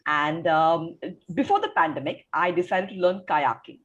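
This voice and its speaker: A woman's voice: lowish voice, expressive, normal speed, fairly bright tone, muffled recording. A woman from India doing stand-up comedy over a video call.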